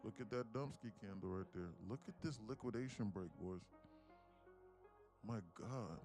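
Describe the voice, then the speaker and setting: A man's voice: lowish voice, normal speed, a little mellow, soft background music. A man live-streaming his day trading, bantering loosely with chat in slangy, joking talk and cursing freely.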